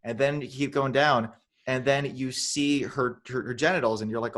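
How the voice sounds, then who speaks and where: A man's voice: mid-range voice, steady tone, normal speed, a bit bright. Rambling man retelling a film. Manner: rambling, many restarts, acts out lines in funny voices. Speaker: podcast co-host. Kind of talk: casual chat retelling a film.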